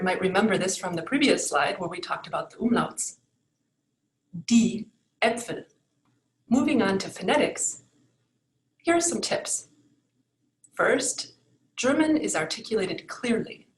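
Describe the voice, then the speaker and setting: Patient woman teaching, in an echoey room. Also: fairly low pitch. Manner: clear, patient explaining with slow modeled examples. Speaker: German language teacher. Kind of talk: recorded online lesson with slides.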